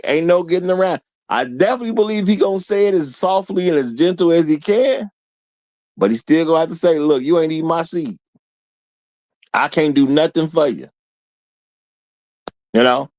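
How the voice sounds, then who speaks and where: Animated guy hosting his show, kinda high voice, dry sound, keeps laughing. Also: no room sound. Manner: animated, acts out quotes, laughs often. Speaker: host. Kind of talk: casual commentary.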